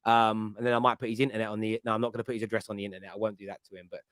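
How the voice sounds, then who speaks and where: A man's voice: fairly low pitch, flat delivery, racing, fairly bright tone, smooth, no echo, clean studio sound. A man, hosting a casual football chat and telling rambling, jokey stories. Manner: chatty, rambling, jokey storytelling. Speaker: podcast host.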